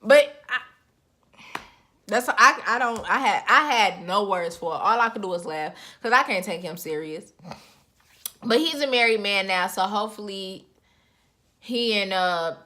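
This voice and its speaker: A young woman reviewing a reality show in casual, expressive chat, her voice jumping up in pitch as she reacts. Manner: chatty, expressive, with sudden pitch jumps.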